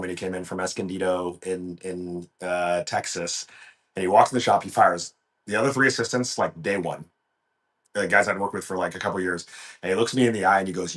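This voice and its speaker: A man, a golf professional, telling his career story as a podcast guest in a lively, restarting style. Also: low-pitched. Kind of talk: casual storytelling interview.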